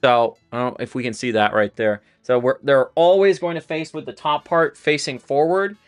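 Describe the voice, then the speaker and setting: A man's voice: medium pitch, steady tone, normal speed, clear, resonant tone, no room sound, soft background music. A man who is a native English speaker, teaching Spanish on a casual livestream, rambling and often restarting his sentences. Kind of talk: livestream lesson.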